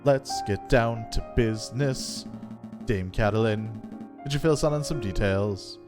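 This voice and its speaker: Brief: man playing composed falcon attorney, formal, measured, a touch low. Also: over music, close to an everyday voice. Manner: formal, measured, slightly lowered voice.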